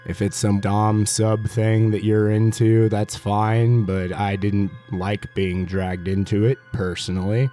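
A man's voice: fairly low pitch, level tone, dark tone, soft background music. A man doing an awkward, aggrieved cop. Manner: slow, awkwardly complaining. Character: awkward, aggrieved male police officer.

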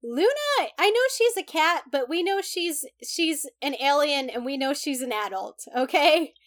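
Woman co-host, fairly high voice, opinionated casual chat. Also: lively intonation, moderate pace. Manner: opinionated, restarts words, laughs often. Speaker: podcast co-host. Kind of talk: casual chat about an anime.

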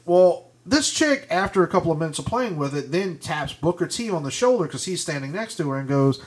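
A man co-hosting a podcast, telling a story in casual chat, getting louder and higher as it builds. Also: a little fast, breathy edge. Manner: animated storyteller, gets loud and high when retelling. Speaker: podcast co-host. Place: podcast studio.

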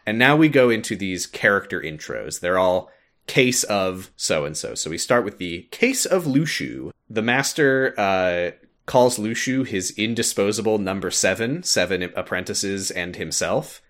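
Lively low-voiced man recapping a game. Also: unhurried. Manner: animated, laughs often, recaps with filler "uh". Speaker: podcast co-host explaining a game story. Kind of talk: casual chat.

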